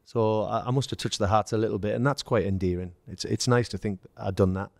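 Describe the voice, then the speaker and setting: Deep-voiced English man telling stories. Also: steady tone, fairly quick, creaky, a little mellow, no echo, clean studio sound. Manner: storytelling, acts out quoted dialogue, laughs. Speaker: former footballer, podcast guest. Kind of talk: casual anecdote telling.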